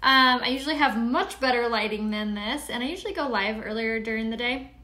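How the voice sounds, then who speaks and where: Woman, from San Diego, bright tense voice, chatty, rambling, live makeup tutorial host. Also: on the high side. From San Diego, California. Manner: chatty, rambling, quick asides to viewers. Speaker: beauty product seller and live-streamer.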